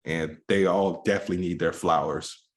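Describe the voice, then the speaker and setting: A man's voice: low voice, steady tone, normal speed. A man co-hosting a podcast, chatting casually with fillers and restarts, speaking straight to his listeners. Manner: rambling, full of fillers, trails off softly; talks to listeners directly. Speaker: podcast co-host. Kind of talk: casual chat.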